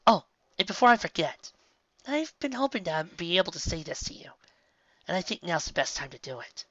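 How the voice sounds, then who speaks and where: Casting: reader doing an anxious young unicorn mare, halting, bright-voiced, slightly lo-fi. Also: mid-range voice, very animated, no echo, pitched above the performer's own voice. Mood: wistful. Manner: hesitant, self-conscious.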